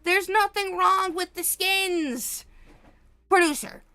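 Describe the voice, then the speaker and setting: A woman streamer in casual chat while gaming, animated and swearing freely as she rants. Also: very high voice, slow.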